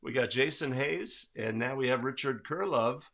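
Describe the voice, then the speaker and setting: A man hosting a casual livestream from home, upbeat as he greets viewers by name. His voice is bright and a little gravelly, sitting at a middle pitch. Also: normal speed. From California. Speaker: livestream host.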